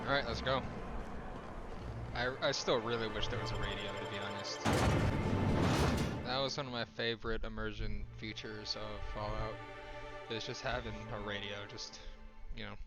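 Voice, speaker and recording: A man's voice: lowish voice, little pitch movement, moderate pace, pauses often. A male streamer giving casual gaming commentary, rambling, joking and swearing. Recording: game music behind.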